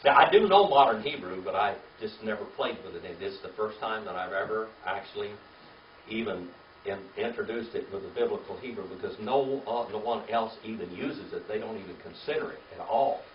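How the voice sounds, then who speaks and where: A man's voice: on the low side, lively intonation, fairly quick, slight background noise. Man, Bible class teacher, patient lecturer, off-mic in a live room, muffled lo-fi tape. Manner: patient, checks in with "okay?" and "all right?". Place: church classroom with a live audience. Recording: roomy, distant, dull lo-fi room recording.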